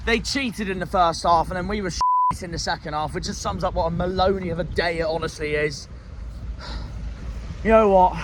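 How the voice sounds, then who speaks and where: Out on a city street, a furious West Country man who vlogs about football delivers an angry post-match rant in his West Country English accent. His voice is high-pitched at a moderate pace, with traffic and outdoor noise around him.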